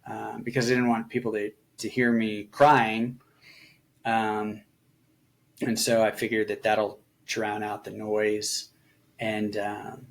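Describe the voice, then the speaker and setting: A man's voice: lowish voice, gravelly. A middle-aged man, a veteran guest on a podcast, telling personal stories candidly and reflectively, with lots of filler words and small voice shifts when he quotes people. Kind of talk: personal storytelling in a casual conversation.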